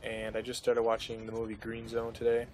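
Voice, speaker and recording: A man's voice: mid-range voice, monotone, brisk, slight background noise. A young man giving casual, rambling commentary over gameplay, with many fillers and restarts as he tells a story.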